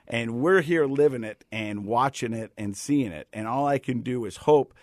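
A man's voice: mid-range voice, normal speed, dry recording. Middle-aged man telling stories, dry sound. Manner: animated storyteller, repeats words. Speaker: podcast host. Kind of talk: casual chat.

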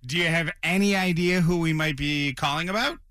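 Bright, crisp male radio co-host. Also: fairly high pitch, no echo, studio quality. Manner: quick, pushy questioning. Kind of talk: morning radio banter.

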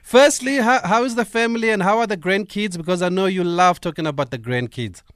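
A man's voice: high-pitched, fairly bright tone, no room sound. A man hosting a radio sports show, asking questions politely and courteously. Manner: polite, courteous, many "uh" pauses. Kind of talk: radio interview. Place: radio studio.

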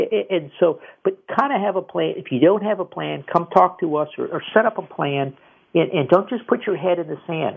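A man's voice: fairly high pitch, vocal fry, breathy edge. A man hosting a financial advice call-in radio show in a casual, rambling way, with many repeated restarts. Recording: tinny phone-like radio audio.

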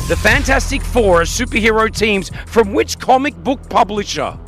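A man with a high, fairly bright voice hosts a radio breakfast show broadcast from a museum, running a quiz with a caller. He's chatty and jokey, quick with puns, with soft music in the background.

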